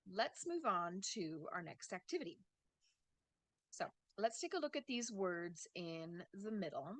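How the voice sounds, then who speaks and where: A woman's voice: lowish voice, dry recording. A woman teaching an English lesson, explaining patiently and checking in with "okay?" as she goes.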